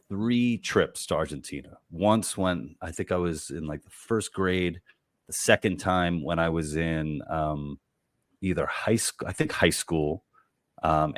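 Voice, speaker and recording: Very deep-voiced man telling a relaxed story. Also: dry recording. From United States. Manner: halting, many fillers and repeated words, laughs while telling stories. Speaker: comedian guest.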